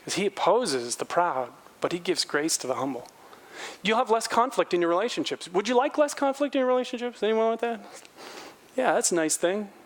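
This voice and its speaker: Middle-aged man, pastor's sermon, high voice, animated, voices quotes loudly, goes quiet for earnest points. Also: a little fast. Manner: animated, acts out quotes in a raised voice.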